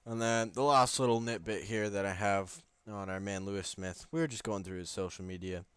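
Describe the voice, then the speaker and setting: A man's voice: on the low side, fairly even intonation, fairly quick, fairly bright tone, smooth, no room sound. A young man co-hosting a casual podcast as a hockey coach, joking as he reads posts aloud.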